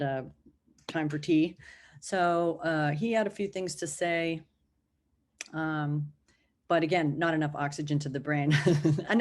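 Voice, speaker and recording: Woman, middle-aged, slightly low voice, casual video message, playful, self-mocking, frequent laughs and fillers. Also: darkish tone. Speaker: vlogger addressing a family member.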